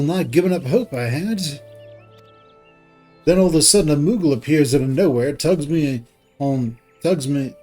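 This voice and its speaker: A man voicing a gruff, rough-spoken mount breeder in a game reading, with a put-on, shaky Eastern European accent and rambling, folksy storytelling. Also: on the high side, dark tone.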